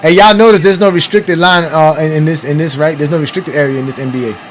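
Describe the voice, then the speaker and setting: A man hosting a casual watch-along, giving excitable, profane, trash-talking commentary on an old basketball game. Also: on the high side, fast, slight background noise. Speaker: podcast host.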